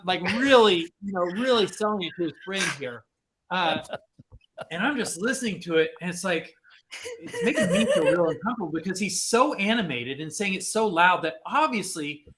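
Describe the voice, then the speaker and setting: A man on a podcast telling a personal story in a casual, animated way, acting out the people he quotes. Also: high-pitched, moderate pace. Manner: animated, acts out quotes with lots of fillers. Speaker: podcast host.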